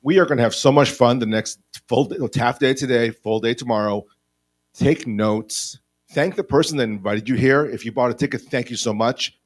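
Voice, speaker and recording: A man's voice: mid-range voice, moderate pace. Upbeat male co-host rallying the crowd. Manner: upbeat, encouraging.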